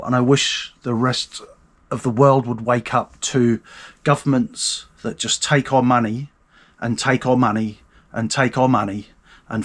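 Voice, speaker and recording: Sweary man ranting live. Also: medium pitch. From United Kingdom. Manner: sweary, rambling, indignant. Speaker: live stream host. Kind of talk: casual ranting commentary.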